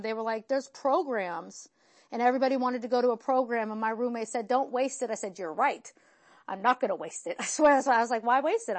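A woman in her thirties, from West Virginia, telling her own recovery story in a frank, rambling, self-deprecating way. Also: on the high side. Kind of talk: candid personal testimony.

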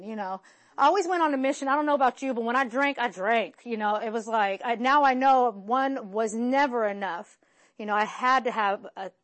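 A woman in her thirties, from West Virginia, telling her own recovery story in a frank, rambling, self-deprecating way. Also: a little high. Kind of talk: candid personal testimony.

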